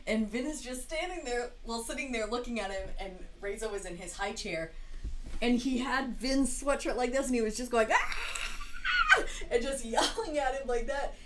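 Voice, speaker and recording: A young woman co-hosting a casual podcast, telling stories in a lively way and laughing often. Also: on the high side, normal speed, slight background noise. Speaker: podcast co-host. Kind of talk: casual conversation.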